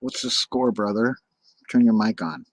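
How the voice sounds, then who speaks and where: A man's voice: on the low side, normal speed, a little hiss or hum, low-quality recording. A man ranting on a livestream, bitter and accusatory, swearing constantly and often restarting or repeating his words.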